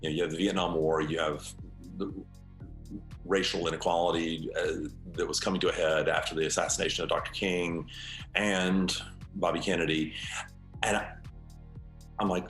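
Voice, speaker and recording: A man and longtime drag performer giving an animated, explanatory interview. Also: low voice, normal speed, pauses often, soft background music. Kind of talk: documentary interview. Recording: roomy echo.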